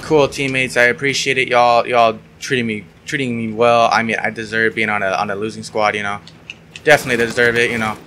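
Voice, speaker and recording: Bright-voiced sarcastic young man gaming. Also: medium pitch, flat delivery, a little fast, slight background noise. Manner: sarcastic, swears often, yelps when frustrated. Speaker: gaming YouTuber. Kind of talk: casual gameplay commentary.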